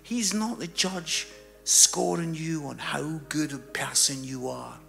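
A man preaches a sermon in a high, gravelly voice, telling stories and swinging between hushed and fervent. He speaks slowly with a bright edge. Faint music plays behind him.

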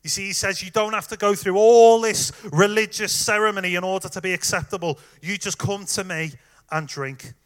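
A man's voice: sits high, steady tone, normal speed, clean tone. A man preaching a sermon in a conversational way, speaking straight to the congregation with the odd "um". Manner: conversational, warm direct address with fillers.

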